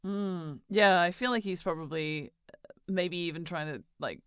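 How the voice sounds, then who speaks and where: A woman's voice: lowish voice, moderate pace, smooth, no echo, studio quality. A woman co-hosting a podcast, talking casually about a horror film, hesitant and fond of saying like. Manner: hesitant, uses "like" a lot, laughs easily. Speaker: podcast co-host.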